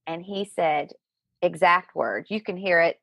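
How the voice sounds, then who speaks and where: A middle-aged woman with a low, gravelly and somewhat husky voice speaks as an interview guest. She tells her own story earnestly and with animation. The sound is close and dry. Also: a little slow, dry recording. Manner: earnest, animated retelling with acted quotes. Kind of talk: personal storytelling in conversation.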